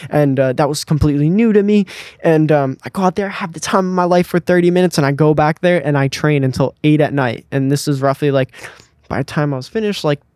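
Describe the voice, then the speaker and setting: A young man tells a tale from his past with lively, fast-shifting energy, full of fillers like "you know what I mean". His voice sits a bit high for a man and sounds close and dry, with no room echo. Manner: animated, acts out quotes with frequent "like" and "you know what I mean". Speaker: guest skateboarder. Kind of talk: casual storytelling.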